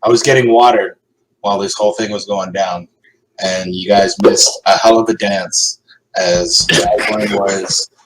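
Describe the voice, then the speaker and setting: A man's voice: on the low side, fairly even intonation, unhurried, background noise. A man chatting with friends on a voice call during an online game, recounting moments with amusement. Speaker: gamer on a group voice call. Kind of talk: casual gaming chat.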